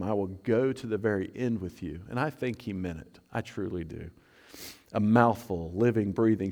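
A man preaching a sermon as a pastor, earnest, dropping to a hush and rising to fervent emphasis. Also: on the low side, gravelly, big-room sound. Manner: earnest, swings from hushed to fervent.

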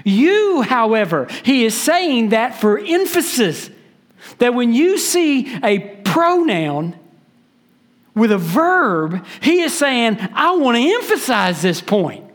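A man's voice: extremely high pitch, sing-song, slow, a bit bright. Emphatic preaching man. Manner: emphatic preaching, varying pace, repeats words for stress. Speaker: pastor. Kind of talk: sermon.

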